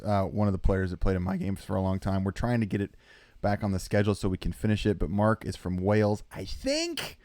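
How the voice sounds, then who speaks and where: A man hosting a casual online show, relaxed as he reads out viewer messages. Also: fairly low pitch, no echo. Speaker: host. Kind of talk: casual chat.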